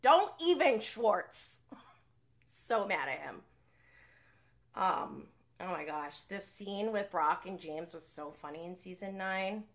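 Bright-voiced chatty woman recapping reality TV. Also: lowish voice, slow pace. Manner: chatty, animated, swings between muttering asides and heated rants. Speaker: podcast host. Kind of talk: casual live recap chat.

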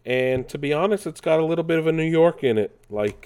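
A man's voice: fairly high pitch, expressive, brisk, darkish tone, smooth. A man casually hosting gaming news, rambling with many fillers and restarts. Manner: rambling, with frequent fillers and self-corrections.

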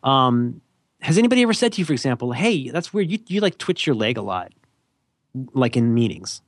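A man's voice: medium pitch, big pitch swings, fairly quick, dry recording, clean studio sound. A man co-hosting a podcast, chatting casually and giving advice in a self-deprecating, rambling way, with lots of restarts. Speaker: podcast co-host. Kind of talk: casual conversational advice chat.

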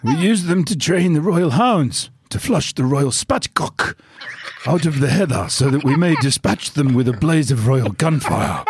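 A pompous old king with a plummy, put-on posh English accent, as a man hams it up. He is grandly formal, with a slightly husky edge and a pitch that swings widely. The sound is dry and close. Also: animated, measured pace, no echo, full character voice. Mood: stately. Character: pompous elderly male British king.

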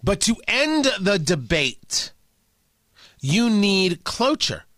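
A man's voice: high-pitched, big pitch swings, slow pace, fairly bright tone, dry recording. A man hosting a political talk show, delivering combative, sarcastic commentary.

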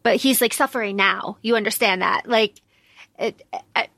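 A woman's voice: fairly high pitch, normal speed, vocal fry, bright, forceful tone, no echo. A woman co-hosting a podcast, talking over a book in a loose, chatty way, full of "like" and casual swearing. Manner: chatty, lots of "like", swears freely. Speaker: podcast co-host.

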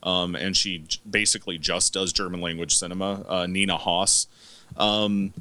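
A man's voice: sits low, fairly even intonation, normal speed, pushed and bright, no echo. A man co-hosting a podcast, reviewing movies in casual chat, rambling and swearing with lots of fillers. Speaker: podcast co-host.

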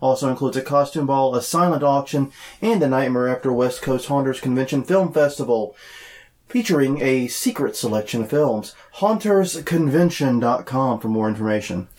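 A man co-hosting a podcast in casual chat, sounding slightly nasal and congested from a cold, joking along and reading event listings briskly. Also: medium pitch, expressive, a little mellow. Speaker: podcast co-host. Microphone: desk mic, no lavalier.

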